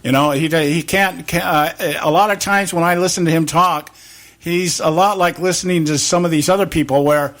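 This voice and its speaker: Male political talk host, slightly high-pitched, rambling and opinionated, heavy on rhetorical questions. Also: a bit bright. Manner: rambling, rhetorical questions, acts out quick back-and-forth exchanges.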